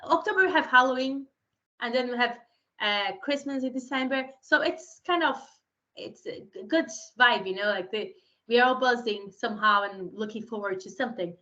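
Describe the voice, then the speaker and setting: A woman, a filmmaker in an interview, telling animated stories and acting out the lines of the people in them. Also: a little high, moderate pace. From Brazil. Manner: animated storyteller, acts out quotes, laughs often. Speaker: filmmaker guest. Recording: slightly muffled recording.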